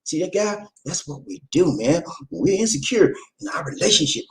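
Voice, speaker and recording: A man hosting a casual live-stream talk about relationships, animated, repeating phrases and calling out to his viewers. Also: sits high, a little fast, low-quality recording.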